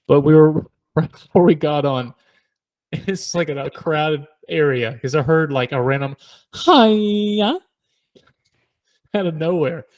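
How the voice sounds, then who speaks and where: A man's voice: on the high side, steady tone, moderate pace, darkish tone, no room sound. A middle-aged man, co-hosting a podcast in casual chat, rambling through stories, laughing often and mimicking noises. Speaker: podcast co-host.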